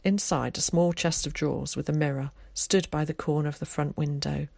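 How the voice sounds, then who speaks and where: Lady reading a story aloud, steady and measured, lowish voice, pretty dry sound. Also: gravelly, no room sound. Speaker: audiobook narrator. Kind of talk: scripted audiobook narration.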